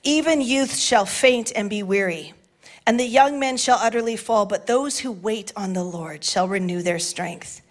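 A middle-aged woman pastor preaching a sermon in a church, passionate and building to shouts at the big moments. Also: medium pitch, unhurried. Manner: passionate, rising to shouts at climaxes. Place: church sanctuary with balcony.

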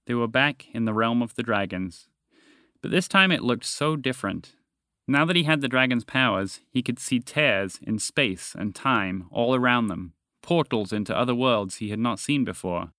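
A man's voice: mid-range voice, animated, normal speed, pushed and bright, no room sound. Man reading a storybook aloud, dry sound. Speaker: narrator. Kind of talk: storybook narration.

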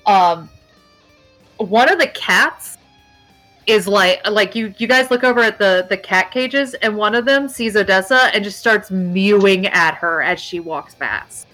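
Bright-voiced woman running a tabletop game. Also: mid-range voice, measured pace, soft background music, low-quality recording. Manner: casual, filler-heavy narration with dog noises. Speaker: game master.

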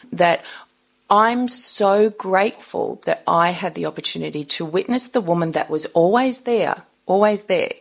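A middle-aged woman speaks as a guest on an interview podcast. She tells her story in an earnest, reflective and unhurried way. Her voice sits low, with a creaky, gravelly edge.

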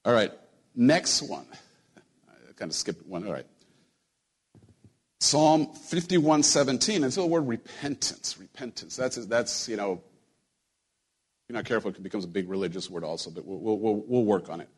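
A man preaching a sermon to his church in a relaxed, conversational way, joking with the congregation and often repeating his words. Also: fairly low pitch, moderate pace, long pauses. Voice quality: husky. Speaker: pastor. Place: church sanctuary.

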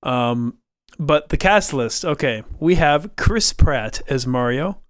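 Lively higher-voiced man with smooth voice. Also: slow, no room sound. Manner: expressive, laughs easily. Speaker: podcast co-host. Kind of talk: casual chat.

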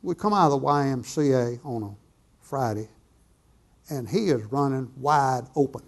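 A man's voice: mid-range voice, moderate pace. A middle-aged man, preaching a testimony as a folksy, conversational story, acting out both sides of the dialogue. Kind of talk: sermon storytelling.

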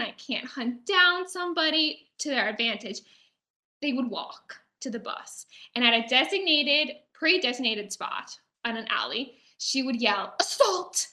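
A woman guest telling a history story in an interview, lively, often acting out the people she quotes. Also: high-pitched, moderate pace, echoey room. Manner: animated, acts out quoted characters. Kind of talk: conversational storytelling.

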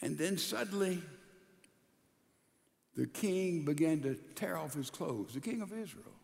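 A man with a fairly high voice preaches, retelling a scripture story in a folksy, conversational way. He acts out the characters' lines as he goes. His voice carries a long reverb from a large hall. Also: slow pace, gravelly, darkish tone. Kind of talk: storytelling sermon.

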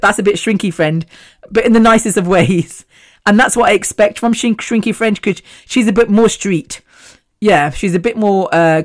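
A woman hosting her own podcast in a casual, rambling solo chat, laughing often between thoughts. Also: fairly low pitch. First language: Punjabi. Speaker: podcast host.

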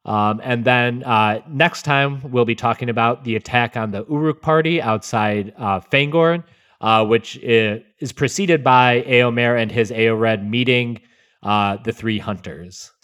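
A man hosting a podcast in casual chat, relaxed and measured with wry asides. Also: medium pitch, clear, resonant tone. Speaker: podcast host.

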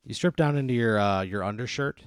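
A man's voice: mid-range voice, a little fast, clean tone, dry recording, studio quality. A man improvising a comic hypothetical scenario in a casual, rambling way, full of "like" and "uh". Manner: rambling, many "like" and "uh" fillers. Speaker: comedy sketch host posing a hypothetical.

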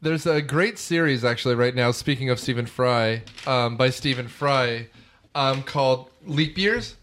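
A man's voice: mid-range voice, a little slow, fairly bright tone. A man co-hosting a podcast, chatting casually about a film with plenty of fillers and asides. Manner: rambling, frequent fillers and asides. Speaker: podcast co-host.

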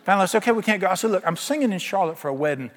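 A man's voice: sits high, lively intonation, very fast, a bit bright. A man preaching a sermon, telling folksy stories and acting out the dialogue himself. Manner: folksy storytelling, acts out quoted dialogue. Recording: long hall reverb.

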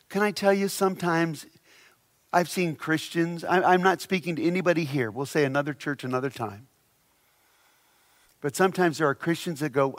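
A man delivers a sermon in a fairly high voice. He preaches with humor and animation, slipping into voices for the people in his stories. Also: normal speed. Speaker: pastor.

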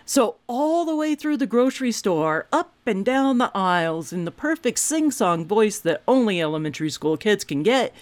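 A woman in her fifties telling comic stories about her family, animated and self-mocking, her voice jumping up for the punchlines. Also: medium pitch, normal speed, hardly any pauses, no room sound. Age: 50s. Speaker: vlogger. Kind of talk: comic personal storytelling.

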